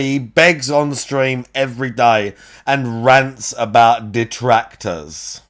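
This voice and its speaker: Guy ranting slow and sarcastic over a clip, lots of swearing, keeps cracking up. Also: mid-range voice. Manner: sarcastic, swearing, laughs often. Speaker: commentator reacting to a streamer clip. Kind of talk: mocking reaction commentary.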